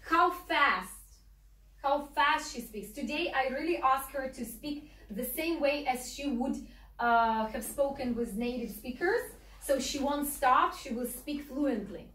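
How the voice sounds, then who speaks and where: A woman's voice: sits high, measured pace, pushed and bright. A woman from Ukraine with a Ukrainian accent, a native Russian speaker, teaching a class with many fillers and frequent "okay?" checks. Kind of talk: classroom instruction. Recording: echoey room, mic far off.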